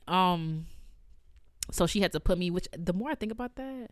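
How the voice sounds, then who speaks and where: A woman who co-hosts a podcast and teaches orchestra, telling stories in casual chat with an animated, exasperated delivery. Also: normal speed, no echo, clean studio sound. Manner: animated, exasperated storytelling with sudden jumps in pitch.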